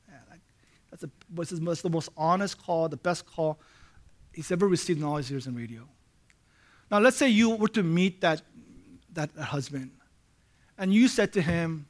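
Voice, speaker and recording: A man preaching a sermon, conversational with "right?" check-ins, building to loud emphatic peaks. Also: on the high side, moderate pace, long pauses. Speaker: pastor.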